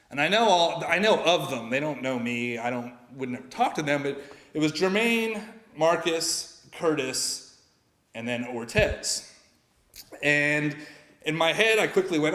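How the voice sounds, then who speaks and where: A man's voice: fairly high pitch, a bit bright. A man in his thirties telling a true personal story live on stage, self-mocking and acting out the dialogue. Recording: echoey hall from far off.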